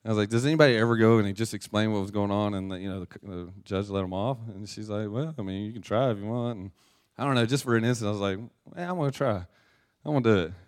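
Male pastor, low voice, conversational sermon with storytelling and lots of restarts. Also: quick pace, clear, resonant tone. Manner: chatty, self-deprecating storyteller with restarts. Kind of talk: casual sermon with personal story.

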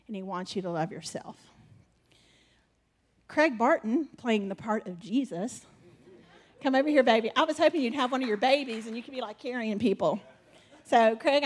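A woman preaching animatedly and directing a live skit with her congregation. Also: fairly high pitch.

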